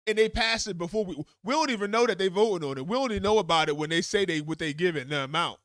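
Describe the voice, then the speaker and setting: A high-pitched man rants through his political commentary on a livestream, flipping into mocking voices for the politicians he imitates. The sound is dry and close to the mic. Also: expressive, fairly quick, a bit bright, no echo.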